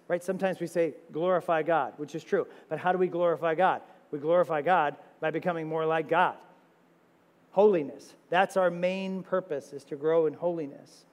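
A man preaching a sermon as pastor, animated, firing off rhetorical questions with sudden loud high exclamations. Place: church sanctuary. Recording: long reverb of a church sanctuary.

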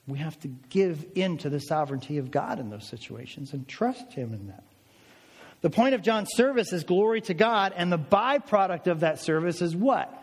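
Pastor, man, high-pitched voice, earnest emphatic sermon delivery, echoing sanctuary. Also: sing-song, brisk. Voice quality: earnest, emphatic, repeats phrases for stress. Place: church sanctuary.

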